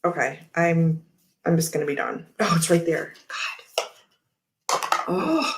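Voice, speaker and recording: A woman's voice: deep voice, lively intonation, takes it slowly, noisy background. A woman hosting a tarot livestream, chatting casually and rambling with frequent laughs while she handles cards.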